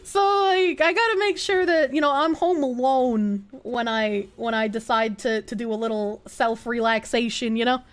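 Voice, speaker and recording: A woman's voice: on the high side, normal speed, hardly any pauses. A woman streamer in casual live chat, reading her chat aloud and answering it bluntly and profanely, with frequent laughter.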